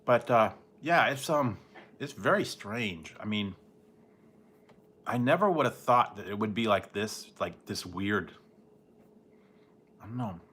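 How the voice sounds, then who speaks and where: A man's voice: on the low side, expressive, unhurried, long pauses, fairly bright tone, husky. A man hosting a casual livestream, rambling and chatting, often laughing and mimicking other people. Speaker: livestream host. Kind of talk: casual late-night livestream chat.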